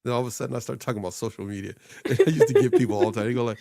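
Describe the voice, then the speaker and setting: A man co-hosting a casual talk show, rambling and animated, laughing often and putting on voices when he quotes people. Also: mid-range voice, very fast, vocal fry, no room sound, studio quality. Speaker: podcast co-host and social media coach. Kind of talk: casual chat. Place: small home studio upstairs.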